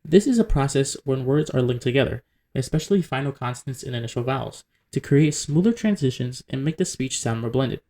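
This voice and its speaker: A man's voice: medium pitch, animated, fairly quick, mellow. A man narrating a scripted educational video, explaining points methodically and working example words into his explanations. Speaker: language video host.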